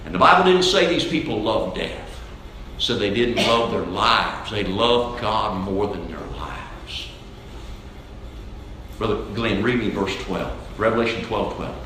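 A man's voice: lowish voice, expressive, unhurried, pushed and bright, slight background noise. A man preaching a sermon with emphasis, repeating key phrases to drive them home. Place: church sanctuary. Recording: very echoey church hall.

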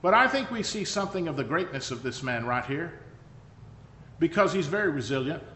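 A man's voice: fairly high pitch, sing-song, brisk, bright, forceful tone, slight background noise. A man preaching a sermon, telling the story in a conversational, emphatic way with wry asides. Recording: echoey hall reverb.

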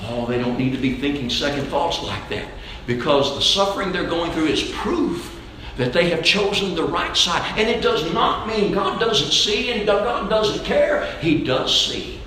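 Male preacher, high and bright, emphatic and repetitive, recorded in a very echoey church hall. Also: expressive, a little slow, a little hiss or hum. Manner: emphatic, repeats key phrases for stress. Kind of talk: sermon. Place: church sanctuary.

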